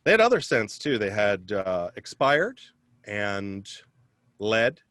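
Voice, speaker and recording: A man's voice: fairly low pitch, very animated, takes it slowly, fairly bright tone, no room sound. A man doing a self-deprecating stand-up comedy set over a video call, chatting with viewers between jokes.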